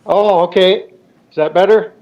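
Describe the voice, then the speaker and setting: A man from a county department presenting an item to the board, formal and measured. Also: high-pitched, lo-fi sound. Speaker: highway department staff. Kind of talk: remote meeting presentation.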